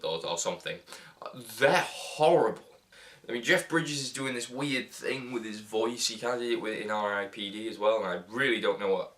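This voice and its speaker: A man's voice: medium pitch, bright, forceful tone. A young man casually reviewing a film, rambling and sarcastic, with lots of fillers and restarts.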